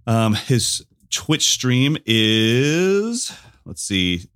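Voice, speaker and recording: A man co-hosting a casual podcast, telling stories with animated quoted voices. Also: medium pitch, very slow, clear, resonant tone, no echo, studio quality. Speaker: podcast co-host and drum teacher.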